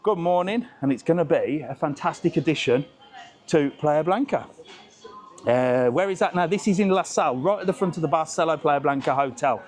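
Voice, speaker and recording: Chatty man, slightly high voice. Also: a little fast, a little mellow. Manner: chatty, cheeky, chats up passers-by. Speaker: travel vlogger. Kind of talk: casual walking vlog. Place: outdoor seaside market and marina.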